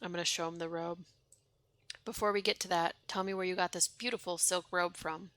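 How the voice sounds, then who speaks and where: A woman's voice: fairly low pitch, steady tone, fairly quick, fairly bright tone, dry recording. A young woman streaming a game, chatting wryly and reading its dialogue aloud. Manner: chatty, wry, reads game text aloud.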